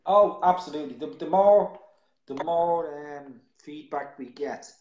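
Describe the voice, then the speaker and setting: A man hosts a live poetry show as a casual live-stream chat, talking at length and rambling, stumbling over and repeating words. His voice is a little high with a darkish tone, a little slow. The sound is roomy with a noticeable echo.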